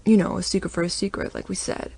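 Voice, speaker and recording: A woman's voice: mid-range voice, steady tone, quick pace, a little mellow, slightly rough. A woman reading the lines of a teasing young man in a romance audiobook, barely changing her voice.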